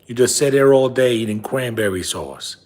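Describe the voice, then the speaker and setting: A man's voice: medium pitch, moderate pace, natural voice. A comedian playing a nagging middle-aged father who drives a bus, scolding his son over and over. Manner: scolding, repetitive, drops to hushed whispers. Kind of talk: comedy character monologue.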